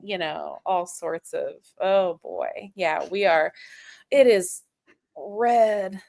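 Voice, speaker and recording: A woman's voice: lowish voice, very slow, creaky, a little mellow, dry recording, clean studio sound. A woman with a Texan accent chatting in a book club call, amused and drawling. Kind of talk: casual video call chat.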